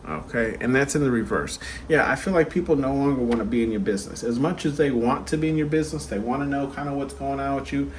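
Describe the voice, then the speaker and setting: A man's voice: medium pitch, fast talker, hardly any pauses, slight background noise. A man giving a casual pick-a-card tarot reading, rambling and chatty with lots of fillers and asides.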